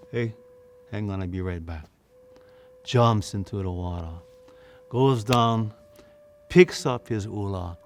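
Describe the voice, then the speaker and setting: Man, Hawaiian Pidgin accent, slow dramatic storytelling, gravelly, music behind. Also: on the low side, a little mellow. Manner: dramatic, emphatic repetition. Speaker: teacher storyteller. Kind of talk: oral storytelling. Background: instrumental music.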